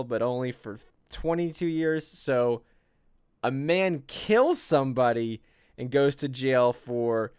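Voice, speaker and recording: A man's voice: mid-range voice, smooth, no echo, studio quality. A man co-hosting a casual political podcast, rambling and sarcastic, with many restarts and fillers. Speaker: podcast co-host.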